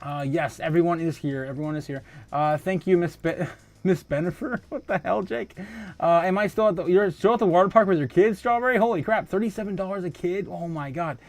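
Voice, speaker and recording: A man with a high voice hosts a casual livestream at a brisk pace, reading viewer comments aloud, laughing often and drifting off into fillers and exclamations.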